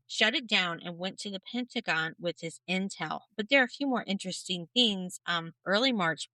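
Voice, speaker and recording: A woman co-hosting a podcast, telling a conspiracy story in a casual, animated storytelling way. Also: fairly low pitch, dry recording, poor audio. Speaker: podcast co-host.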